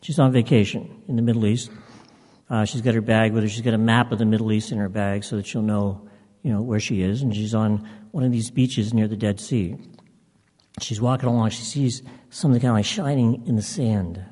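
Man, casual joke teller, rambling, mellow tone, long reverb. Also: on the low side, steady tone, fairly quick, slightly rough. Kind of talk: telling a joke.

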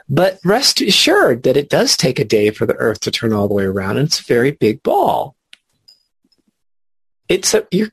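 A man leading a spiritual study class, explaining ideas in an animated way, laughing and asking questions. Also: on the high side, vocal fry, breathy edge, dry recording. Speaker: spiritual teacher.

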